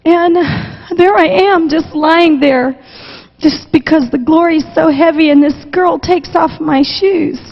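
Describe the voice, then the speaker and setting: A middle-aged woman preacher giving a sermon, telling her story in a fervent, halting way and repeating her phrases. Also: high-pitched, fairly even intonation. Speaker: preacher and missionary. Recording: dull recording with long hall reverb.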